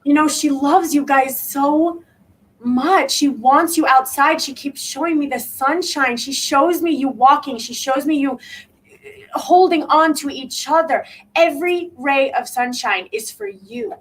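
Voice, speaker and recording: A woman's voice: sits high, unhurried, low-quality recording. A woman working as a psychic medium, giving a live spiritual reading over video in an emphatic, repetitive and reassuring way.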